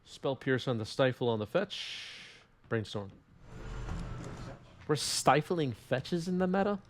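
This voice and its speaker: A man's voice: mid-range voice, expressive, takes it slowly, background noise. A man with a New York accent commentating a live card game stream, wry and reading chat aloud.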